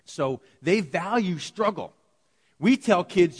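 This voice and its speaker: A man preaching a sermon to his congregation, telling stories in an animated way and acting out the voices of the people in them. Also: a little high, takes it slowly, breathy edge. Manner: animated storytelling, acts out quoted voices. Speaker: pastor. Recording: long hall reverb.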